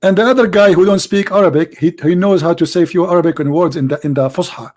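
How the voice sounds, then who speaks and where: A hoarse man hosting a livestream on religion, speaking emphatically in broken English and firing off rhetorical questions. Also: high voice, fast talker, a little mellow. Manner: emphatic, rhetorical questions, non-native grammar. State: hoarse, voice nearly gone. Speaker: livestream debate host. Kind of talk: live-streamed religious polemic.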